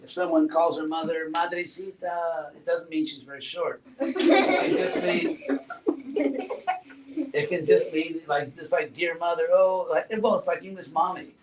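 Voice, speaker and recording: A man giving a relaxed classroom talk, asking his students questions and adding playful asides. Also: fairly high pitch, moderate pace, hardly any pauses. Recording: roomy echo, far from mic, faint noise.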